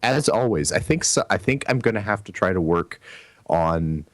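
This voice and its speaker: Man, very low voice, from canada, rambling podcast co-host. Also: normal speed. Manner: relaxed, rambling with fillers and restarts. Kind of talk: casual podcast chat.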